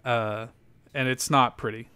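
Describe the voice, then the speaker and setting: A man's voice: mid-range voice, steady tone, measured pace, bright, forceful tone, clean tone, no room sound. A man hosting a casual podcast, reading an article aloud with lots of laughter and loose, profane storytelling. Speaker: podcast host.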